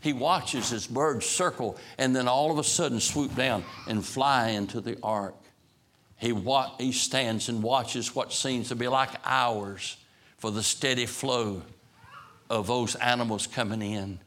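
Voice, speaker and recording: A male preacher retells a story with dramatic, building emphasis. His voice is bright and forceful, set at a middle pitch. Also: unhurried.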